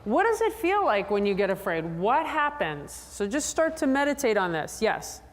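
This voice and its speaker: A woman psychologist giving a lively, chatty talk to a convention audience, drawing answers from the crowd. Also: moderate pace. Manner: animated, chatty, acts out riders in high voices. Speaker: sports psychologist presenter. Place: large convention hall. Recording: long hall reverb.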